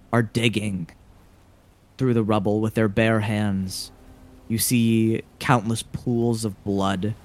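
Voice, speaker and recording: Slow, measured male game master. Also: lowish voice, darkish tone. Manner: measured, dramatic scene-setting. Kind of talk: narrating a tabletop game.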